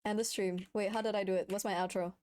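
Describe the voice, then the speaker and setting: A woman's voice: mid-range voice, fairly even intonation, fast, a little mellow. A woman streamer chatting casually and giggling at her own old footage, self-mocking and full of exclamations. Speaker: VTuber streamer.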